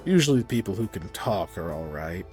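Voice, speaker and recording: A man voicing a gruff male lead wolf of a pack, speaking low and muttering as he sizes up a stranger. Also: very animated, a little fast, over music. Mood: suspicious.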